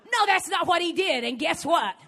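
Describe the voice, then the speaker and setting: A woman preacher delivering a sermon, emphatic and building up to shouts. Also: very high-pitched, animated, normal speed, creaky, some chatter behind.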